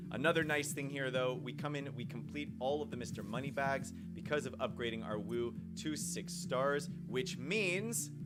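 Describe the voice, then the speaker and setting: A man hosting gameplay commentary who goes from calm explaining to loud shouting and cheering. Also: medium pitch. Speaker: YouTube game host. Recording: music playing behind the voice.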